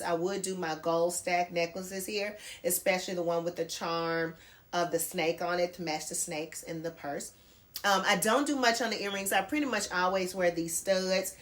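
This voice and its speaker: A woman's voice: fairly low pitch, steady tone, normal speed, fairly bright tone. A middle-aged woman chatting casually through a clothing try-on haul, calling her viewers girl and y'all. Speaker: fashion vlogger. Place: home bedroom near a closet.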